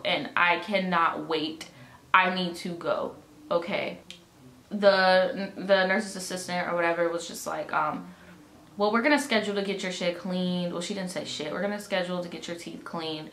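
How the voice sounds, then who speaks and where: Young woman vlogger, profane and exasperated, jaw in pain, slightly low voice, echoey home room with faint background hiss. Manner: exasperated, profane, animated retelling with quoted dialogue. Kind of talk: casual storytime vlog. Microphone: camera mic.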